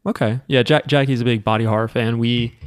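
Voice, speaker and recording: A man's voice: medium pitch, fairly even intonation, fairly quick, clean tone, dry recording, clean studio sound. A man hosting a casual podcast chat, rambling and joking as he tells stories. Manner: rambling, jokey storytelling. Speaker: podcast host.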